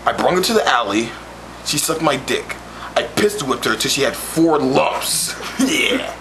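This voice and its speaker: A man's voice: mid-range voice, lively intonation, normal speed. A man delivering a crude comedic monologue in boastful, swaggering street talk, over a noisy amateur recording. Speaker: comedic storyteller.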